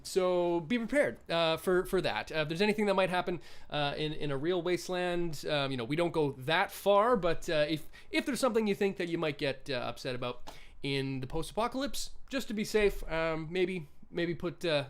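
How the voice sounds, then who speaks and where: Man, stream host, game master, talkative, filler-heavy, slightly high voice. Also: animated, moderate pace, clear, resonant tone. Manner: chatty, many fillers and restarts. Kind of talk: livestream host announcements.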